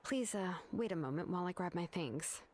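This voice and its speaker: Chill grown woman artisan in a game, voiced by an actress, lively up and down voice, easygoing. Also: fairly low pitch, brisk, crowd noise, close to an everyday voice. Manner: easygoing, casual. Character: laid-back adult woman artisan, easygoing. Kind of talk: video game voice acting.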